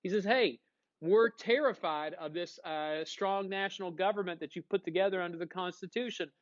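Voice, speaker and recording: A male teacher giving a casual classroom lecture, animated and quizzing the class. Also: sits high, normal speed, dull audio.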